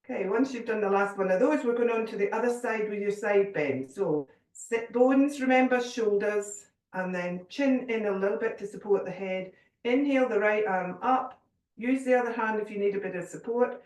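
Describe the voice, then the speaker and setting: A woman guiding a yoga class, giving calm, gentle cues with a little humour. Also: mid-range voice, normal speed, far from the mic. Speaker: yoga teacher. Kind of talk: guided yoga class instruction. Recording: echoey room, voice from off mic.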